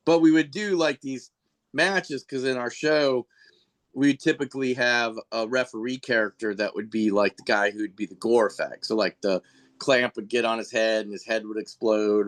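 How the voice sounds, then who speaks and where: A podcast guest who works as a costume and effects artist for a shock rock band rambles through old stories in a casual chat. His pitch is fairly average, and he's full of "you know"s, fillers, and restarts. When quoting people, he jumps into high, animated voices.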